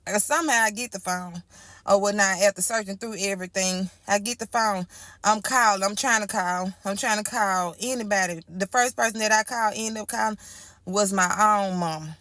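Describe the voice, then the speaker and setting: A woman's voice: mid-range voice, moderate pace, sharp tone, no echo. A woman telling her own story in casual storytime style, chatty and repetitive, talking straight to her listeners. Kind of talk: casual first-person storytime.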